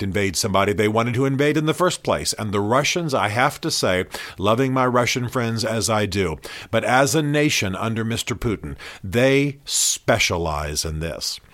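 A man's voice: fairly low pitch, a bit bright, no room sound. A man hosting his own podcast, talking through current events in a blunt, opinionated, conversational way with fillers. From United States. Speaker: podcast host. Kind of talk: solo podcast commentary.

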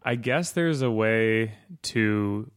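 A man speaks quietly and in a low-key way as a guest in a casual interview. His fairly low voice is smooth and clear. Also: takes it slowly. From Canada. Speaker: comedian guest.

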